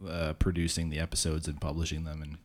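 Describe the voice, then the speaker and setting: A man's voice: very deep voice, monotone, quick pace. A man, the show's technical producer, chatting casually in a laid-back, modest, hesitant way. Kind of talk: casual chat.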